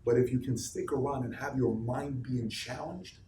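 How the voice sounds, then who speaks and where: A man speaks to an office crowd in an animated, emphatic way, firing questions at the room. His voice sits at an ordinary pitch and echoes off the walls. It is picked up from a distance, with faint noise behind it. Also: moderate pace. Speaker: motivational speaker addressing a team. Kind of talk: live motivational talk to an office crowd. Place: office meeting space. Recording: echoey room, recorded from far off.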